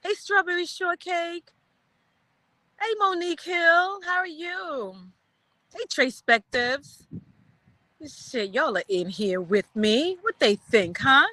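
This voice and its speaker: A woman's voice: very high-pitched, slow, long pauses, sharp tone, no echo. A woman hosting a live stream, chatting casually and playfully, laughing often and greeting her viewers by name.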